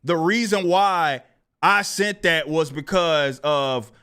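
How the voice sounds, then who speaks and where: A man with a slightly high voice hosts a casual livestream and rants about a feud. He is incredulous and quick to laugh, swears freely, and swings from loud, disbelieving exclamations down to low muttering. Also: smooth. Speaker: livestream host.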